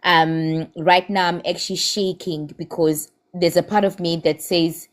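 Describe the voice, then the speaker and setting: A woman's voice: on the low side, steady tone, unhurried, few pauses. A woman with a South African accent in a heated live-stream debate, impassioned and scolding, slipping Zulu words into her English.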